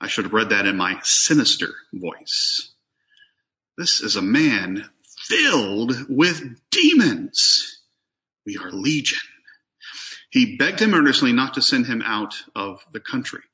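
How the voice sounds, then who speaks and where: A male preacher delivering a sermon, his pitch swinging widely as he moves from reading scripture to talking it through. His tone is bright and forceful. He keeps asking his listeners questions and sometimes doubles a word as he starts a phrase over. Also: animated, measured pace. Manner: reads scripture aloud and asks the congregation questions; often repeats a word as he restarts.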